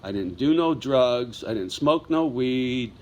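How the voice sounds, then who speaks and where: A man's voice: medium pitch, expressive, slow pace. A middle-aged man telling a story in a casual vlog monologue, blunt and heavy with swearing, wound up as he talks. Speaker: vlogger.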